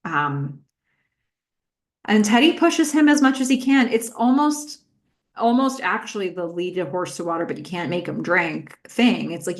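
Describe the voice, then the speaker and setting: A woman hosting a rewatch podcast, recounting scenes in a conversational way with frequent filler words. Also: medium pitch. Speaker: podcast host. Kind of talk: recap podcast commentary.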